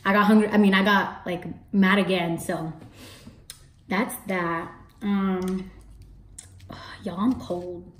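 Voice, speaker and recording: A woman's voice: mid-range voice, steady tone, takes it slowly, pauses often. A woman in her early twenties telling a story casually to camera, chatty, swearing freely and acting out her own lines. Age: early 20s. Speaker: beauty vlogger. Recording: roomy echo.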